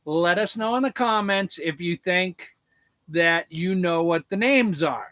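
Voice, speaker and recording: A man's voice: high voice, a little slow, a bit bright, no echo. A man from Arkansas co-hosting a homestead livestream, chatting easygoingly and joking with fillers and restarts. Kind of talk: casual livestream chat.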